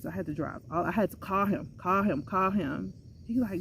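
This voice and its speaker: A young adult woman telling a personal story in a chatty, animated way, slipping into other voices when she quotes people. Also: medium pitch, normal speed, slight background noise. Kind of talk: casual storytime monologue.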